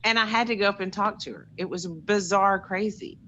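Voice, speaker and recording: A woman's voice: mid-range voice, a little fast, bright, forceful tone, a little hiss or hum. Chatty woman on a muffled call. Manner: chatty, storytelling, earnest. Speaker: call participant. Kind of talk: casual sharing on a group call.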